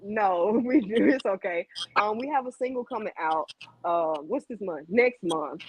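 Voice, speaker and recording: A young woman from Mississippi with a Southern accent, a guest singer chatting in an interview, bubbly and quick to laugh. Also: medium pitch, slightly rough, dry recording, rough recording. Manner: bubbly, giggly, lively. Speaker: R&B group member, guest. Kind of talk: casual interview chat.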